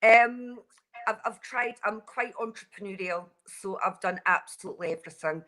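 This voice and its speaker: A woman's voice: medium pitch, moderate pace, sharp tone, poor audio. A Scottish woman in her forties, chatting as a guest over a mobile phone and laughing easily. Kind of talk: casual call-in chat. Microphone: mobile phone over wireless.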